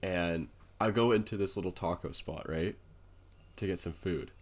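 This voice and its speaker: A man co-hosting a casual chat show, telling stories in an animated, joking way. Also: deep voice, moderate pace. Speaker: podcast co-host.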